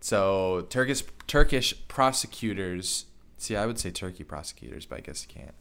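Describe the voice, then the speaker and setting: A man's voice: sits low, expressive, moderate pace, a bit bright, smooth. A man co-hosting a podcast, chatting about basketball news in a hesitant way with many ums. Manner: hesitant, lots of ums, reads out news items. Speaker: podcast co-host. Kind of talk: casual sports chat.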